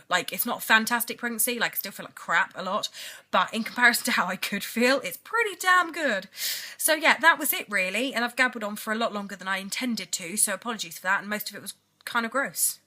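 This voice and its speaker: A woman's voice: mid-range voice, sharp tone. A young British woman chatting in a giggly, rambling video diary. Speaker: vlogger.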